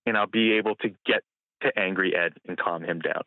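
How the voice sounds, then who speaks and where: A man's voice: low voice, fairly quick, no echo. A man calling into an advice show, speaking hesitantly and repeating his words. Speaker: caller. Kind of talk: phone call to an advice show. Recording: tinny phone line.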